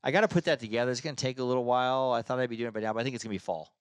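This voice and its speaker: A man's voice: medium pitch, racing, clear, resonant tone, no room sound. A man with a nasal voice co-hosting a podcast in casual, rambling, jokey chat. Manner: rambling, jokey, trails off mid-sentence. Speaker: podcast co-host.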